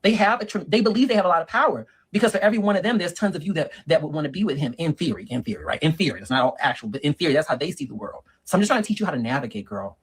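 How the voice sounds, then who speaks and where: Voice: medium pitch, lively intonation, racing, few pauses, breathy edge, poor audio. A performer playing a sassy middle-aged woman who lectures on dating in a comedic monologue and keeps calling the listener girl and honey. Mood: sassy lecturing. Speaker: relationship advice monologue.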